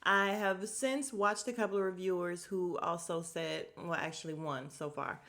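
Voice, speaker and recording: A woman hosting a casual podcast recap of a reality show, chatty and animated, laughing often and acting out the people she quotes. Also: on the low side, normal speed. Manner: acts out quoted people's voices. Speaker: podcast host.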